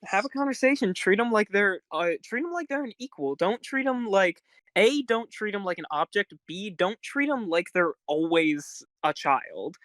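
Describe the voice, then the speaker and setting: A young man in his teens co-hosting a casual podcast, talking in a rambling, halting way with many fillers. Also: sits high, big pitch swings, a bit bright, no echo. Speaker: podcast co-host. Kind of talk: casual chat.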